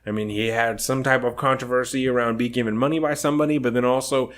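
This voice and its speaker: Man, podcast co-host, medium pitch, emphatic, casual political chat. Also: fairly even intonation, fast talker, a bit bright. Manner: emphatic, fillers like "you know".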